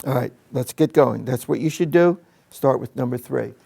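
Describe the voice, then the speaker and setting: A man demonstrating calm, direct classroom discipline to an audience of teachers. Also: medium pitch, normal speed, creaky. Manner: calm and direct, speaks to the room. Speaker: teacher trainer.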